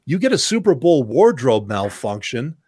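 Male podcast host, mid-pitched, rambling and sarcastic, dry close mic. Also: sing-song, normal speed, darkish tone, breathy edge, no echo. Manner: rambling, emphatic, sarcastic asides. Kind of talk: casual panel discussion.

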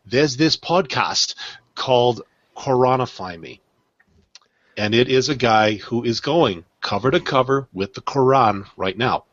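Male podcast co-host, animated, chatty, self-mocking, lo-fi. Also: mid-range voice, measured pace, no room sound. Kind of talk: casual podcast chat.

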